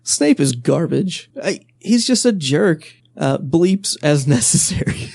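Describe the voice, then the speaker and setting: A man's voice: fairly high pitch, sing-song, takes it slowly, gravelly, a little mellow, no room sound. A man co-hosting a podcast, ranting bluntly in casual chat and laughing between points. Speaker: podcast co-host.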